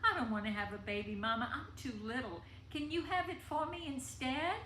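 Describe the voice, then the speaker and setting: A woman's voice: sits high, moderate pace, bright, forceful tone, pitched above the performer's own voice. A woman voicing a frightened five-year-old girl who pleads tearfully with her mother. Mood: pleading. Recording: echoey room with faint noise.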